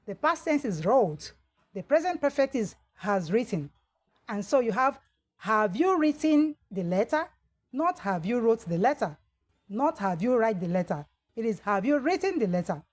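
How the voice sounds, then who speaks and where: A woman from Nigeria with a Nigerian English accent, teaching a grammar lesson. She speaks slowly and deliberately, reads out model sentences and pauses often on "uh". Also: a little high. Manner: slow, deliberate model sentences with frequent "uh" fillers.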